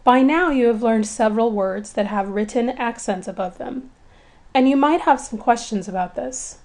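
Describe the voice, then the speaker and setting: A woman teaching a Spanish lesson in clear, patient, scripted narration, speaking to beginners in an encouraging way. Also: fairly high pitch, moderate pace, darkish tone.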